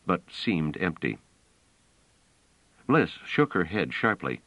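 Deep-voiced male audiobook narrator. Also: creaky, dry recording. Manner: expressive storytelling. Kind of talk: scripted narration. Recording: dull, dry audio.

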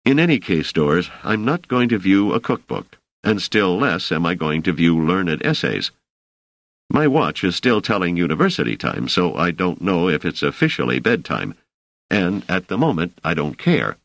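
Brief: man voicing a deep-voiced, dryly exasperated scholar for an audiobook, close and dry. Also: sing-song, moderate pace, fairly bright tone, no room sound, heavily acted. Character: wary male scholar, a guest in a strange place.

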